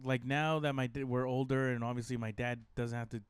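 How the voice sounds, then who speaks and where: Smooth-voiced man in casual chat. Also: medium pitch, level tone, fairly quick, dry recording. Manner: laughs along, asks easygoing questions. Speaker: podcast co-host.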